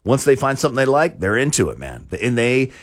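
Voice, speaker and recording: A man's voice: medium pitch, sing-song, fairly quick, no room sound. A man hosting a talk show, chatting casually in a rambling way with many restarts and chuckles. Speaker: show host.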